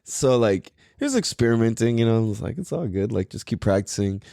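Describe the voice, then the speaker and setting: Animated laid-back surfer-dude podcaster. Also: male voice, mid-range voice, a little fast, vocal fry, no room sound, studio quality. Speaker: podcast host. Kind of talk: casual podcast monologue.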